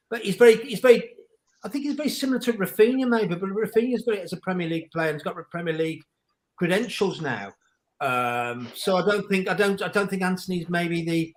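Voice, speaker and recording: A man speaking as a panelist on a casual football podcast, excitable and rambling, often cutting in. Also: on the high side.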